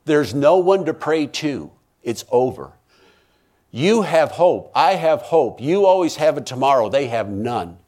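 A man who is a minister, telling an emotional personal testimony, repeating phrases for emphasis and swinging from loud pleading to hushed tones. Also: a little high, lively intonation, measured pace, few pauses.

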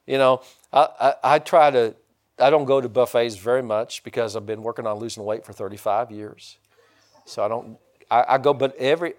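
A middle-aged man preaching a sermon, folksy and rambling, with many restarts and sudden high, loud bursts of excitement. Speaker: pastor.

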